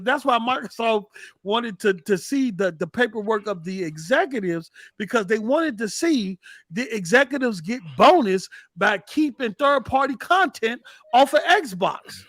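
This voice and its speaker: A man hosting a gaming talk show. His voice sits high and close on a dry mic. He talks in animated bursts and repeats words as he builds each argument. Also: no room sound. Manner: animated, rapid, repeats words when excited. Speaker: podcast host. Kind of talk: casual gaming chat.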